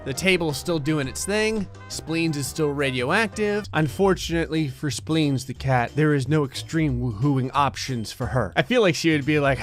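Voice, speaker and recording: A man giving comedic gameplay commentary, joking and laughing often with animated bursts. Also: a little high, normal speed, few pauses, faint music behind. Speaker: gaming video commentator.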